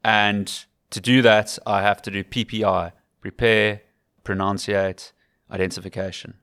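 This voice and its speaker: South african guy, english-speaking accent, lowish voice, measured and emphatic. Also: level tone, fairly bright tone, smooth, dry recording, studio quality. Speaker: rugby commentator guest. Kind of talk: casual interview chat.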